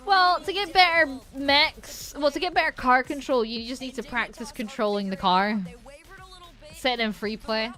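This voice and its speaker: A woman streamer with a Polish accent talks casually while she plays. Her voice sits a little high, and her talk is loose and chatty, with the odd swear word and a lot of restarted sentences. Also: normal speed, pushed and bright, faint music behind. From Poland.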